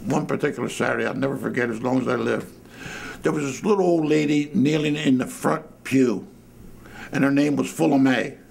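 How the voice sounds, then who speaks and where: A man's voice: mid-range voice, brisk, creaky. An older man telling a colorful story about his boyhood during an interview, speaking from inside a dim church. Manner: colorful, lively anecdote telling.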